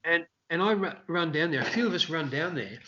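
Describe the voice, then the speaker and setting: A man's voice: brisk, dull audio. A man who worked as a street performer, telling stories casually in an interview and acting out the voices of people he quotes. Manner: animated storyteller, acts out quotes in high shouts.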